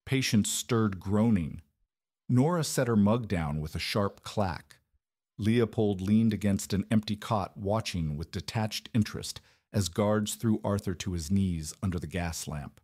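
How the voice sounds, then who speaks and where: A man narrating a scripted story in an even, measured way. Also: lowish voice, dry recording, studio quality.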